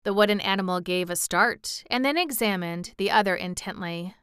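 A woman narrating a children's storybook aloud in a measured way, with the odd wry aside. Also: mid-range voice, fairly bright tone, smooth, no room sound, studio quality.

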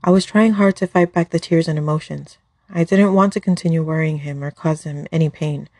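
A woman reading a first-person story aloud in a soft, emotional way, close to the mic. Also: deep voice, steady tone, fairly quick, dry recording. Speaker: fan fiction podcast reader.

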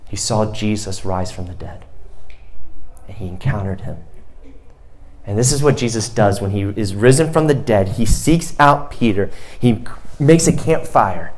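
A man preaching a sermon to a youth group. He talks casually, then builds to loud, emphatic preaching and repeats lines for emphasis. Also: lowish voice, unhurried. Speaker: youth pastor.

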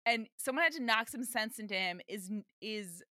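A woman co-hosting a casual rewatch podcast, animated and exasperated, swearing casually as she chats. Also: medium pitch, normal speed, no echo, clean studio sound. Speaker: podcast co-host.

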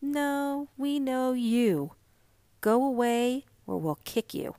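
Woman narrator voicing a bossy, breathless little girl, high and insistent, for a storybook. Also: expressive, takes it slowly, warm tone, clear, resonant tone, no echo, heavily acted. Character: loud, strong, excited seven-year-old girl.

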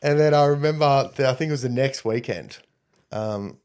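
A man casually recounting a story, rambling and animated when quoting others. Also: medium pitch, moderate pace, clear, resonant tone.

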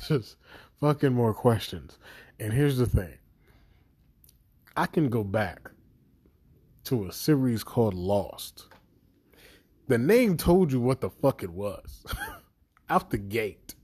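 A man's voice: fairly low pitch, warm tone, breathy edge. A man giving an exasperated, profanity-laden video review of a series he thinks let him down. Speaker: show reviewer.

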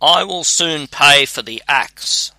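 A man's voice: fairly high pitch, lively intonation, takes it slowly, creaky, bright, forceful tone, dry recording, full character voice. A man reading a clever young scholar son. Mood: reassuring.

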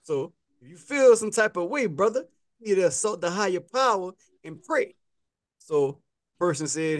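A man's voice: high voice, lively intonation, moderate pace, no echo, clean studio sound. A man co-hosting a podcast, casually telling a story and acting out the back-and-forth he quotes. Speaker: podcast co-host.

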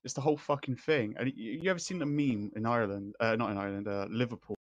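A man's voice: medium pitch, quick pace, dry recording, lo-fi sound. A man from Britain, trading crude, profane banter as a stream co-host, tagging lines with "mate".

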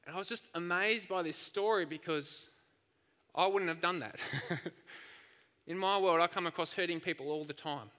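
A man preaching a sermon, telling stories in an animated, lively way. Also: sits high, normal speed, in a large hall. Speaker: pastor.

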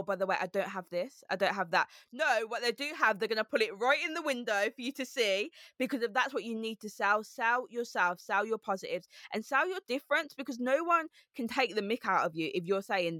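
A woman from Birmingham whose softened Brummie accent and slight lisp come through in bright, forceful speech pitched a little high. She talks as an interview guest, upbeat and emphatic, often repeating her main points. The sound is close and dry. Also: no room sound. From Birmingham, England. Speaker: podcast guest. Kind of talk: casual interview chat.

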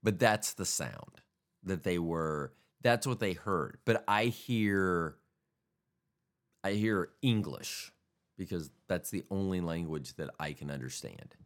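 A man's voice: low-pitched, lively intonation, takes it slowly. A man hosting a podcast, rambling casually on his own in a jokey, profane way. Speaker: podcast host. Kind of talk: casual solo podcast monologue.

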